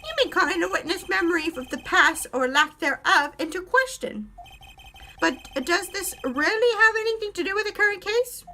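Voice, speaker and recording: A woman voicing a fussy, easily flustered elderly male judge from a courtroom video game, with shrill exclaiming outbursts. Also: lively intonation, moderate pace, sharp tone, a little hiss or hum, full character voice. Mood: puzzled.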